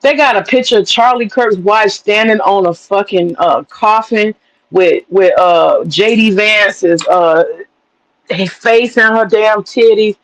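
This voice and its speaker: A woman's voice: medium pitch, slow pace, rough recording. A woman from the American South, hosting a livestream and ranting in a blunt, profane, wisecracking way. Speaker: livestream host. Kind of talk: casual commentary rant.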